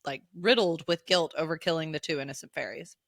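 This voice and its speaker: A young woman co-hosting a podcast in casual book chat, talkative, now and then mimicking characters in a high mocking voice. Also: fairly quick, gravelly, no room sound, clean studio sound. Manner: chatty, acts out characters' lines in a high mocking voice. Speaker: podcast co-host.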